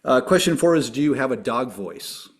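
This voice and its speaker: A man hosting a podcast, asking his guest questions in a friendly, steady way. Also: medium pitch, normal speed. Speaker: podcast host.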